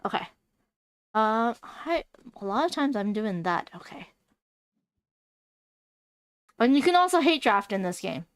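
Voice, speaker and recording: A woman's voice: fairly high pitch, sing-song, moderate pace, clear, resonant tone, no room sound. A woman hosting a board game stream, chatting casually and thinking aloud as she plays, with lots of fillers. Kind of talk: casual gameplay chat.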